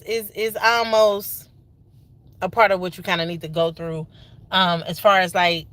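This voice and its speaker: A woman's voice: medium pitch, fairly bright tone. A woman in her thirties with a Georgia accent, venting casually on a livestream and repeating lines for emphasis with folksy Southern slang. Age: 30s.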